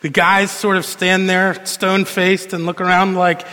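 A male pastor preaching a sermon in a conversational, animated storytelling manner, in a church hall. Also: high voice, unhurried. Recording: long reverb of a large hall.

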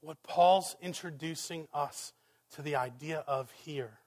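A man preaching a sermon, emphatic, firing rhetorical questions and swinging from loud exclamations down to hushed, quiet passages. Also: fairly high pitch, slow. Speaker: pastor.

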